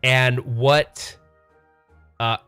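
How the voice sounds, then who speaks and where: A man's voice: medium pitch, steady tone, very slow, pushed and bright, clear, resonant tone, faint music behind. A man hosting a casual pinball livestream, rambling and correcting himself as he chats with viewers. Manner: rambling, self-correcting, chatty with chat. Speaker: pinball streamer host.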